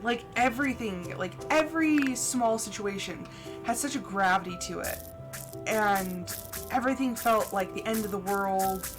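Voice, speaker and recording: A woman's voice: medium pitch, normal speed, low-quality recording. A young woman streamer chatting casually while she plays a game. She laughs often and acts out her own thoughts. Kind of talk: casual chat while gaming. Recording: game music playing behind. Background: background music.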